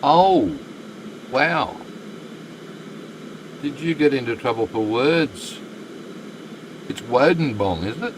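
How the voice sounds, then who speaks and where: A man's voice: mid-range voice, lively intonation, slow pace, long pauses, noisy background. An Australian man live-streaming a game, chatting with viewers and muttering asides to the game. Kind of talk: live stream commentary, reading chat.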